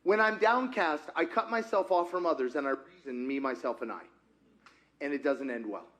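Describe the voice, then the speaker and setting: A pastor speaks with a fairly high-pitched voice at normal speed, preaching a conversational sermon in a church sanctuary. He's animated and keeps putting questions to the congregation.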